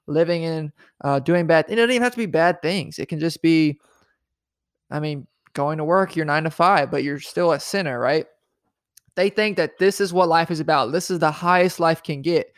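A man's voice: fairly high pitch, dry recording, studio quality. A man co-hosting a podcast, talking earnestly and casually about faith, often tagging thoughts with "right?". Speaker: podcast co-host.

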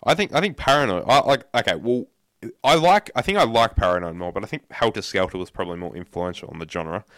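A man's voice: fairly low pitch, expressive, quick pace, fairly bright tone, no room sound. A young man co-hosting a casual podcast, often repeating his words as he starts sentences. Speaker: podcast co-host.

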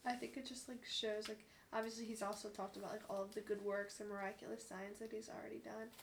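A woman's voice: medium pitch, little pitch movement, fast talker, gravelly, slight background noise. A woman in a study group giving her view, thinking aloud with many fillers. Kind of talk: casual discussion.

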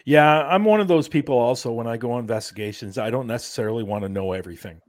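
A man's voice: mid-range voice, fast talker, no echo, studio quality. A Canadian man, a guest on a round-table show, talking in an easygoing and agreeable way. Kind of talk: casual discussion.

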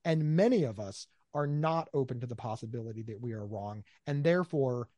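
A man answering interview questions in an animated way, often repeating his words as he talks. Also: mid-range voice, brisk, no room sound. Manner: animated, acts out quoted voices, repeats words. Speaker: guest, mental health speaker.

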